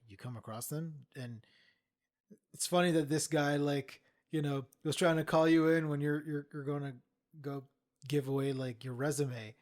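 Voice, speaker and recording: A man's voice: a little high, fairly even intonation, moderate pace, a little mellow. A man hosting a casual podcast chat, listening with short replies and then reflecting on his friend's story. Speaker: podcast host.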